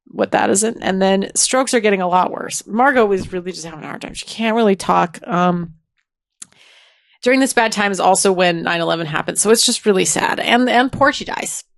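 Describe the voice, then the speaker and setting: A woman co-hosting a podcast, retelling episodes in an animated, gushing way with frequent laughs. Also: mid-range voice, fairly quick, gravelly, no echo, clean studio sound. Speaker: podcast co-host. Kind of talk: casual recap chat.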